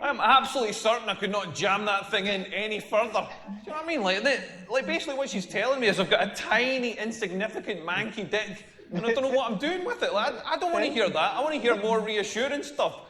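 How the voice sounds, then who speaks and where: A man's voice: sits high, lively intonation, quick pace, pushed and bright, echoey room, big-room sound. A Scottish man in his forties doing a stand-up comedy set, brash and self-mocking, laughing through his punchlines. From Scotland. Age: 40s.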